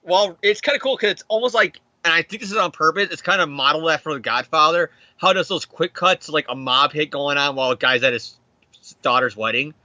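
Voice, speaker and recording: A man's voice: a little high, a little fast, bright, forceful tone, no echo, dull audio. A man hosting a casual comic book recap show, rambling, laughing often and acting out characters. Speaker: podcast host.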